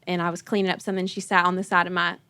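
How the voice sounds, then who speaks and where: Mom hosting a podcast, bright voice, laughs a lot, does her kids' voices, dead dry sound. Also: on the low side, level tone, very fast, clear, resonant tone, no echo. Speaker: podcast host. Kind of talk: casual conversational storytelling.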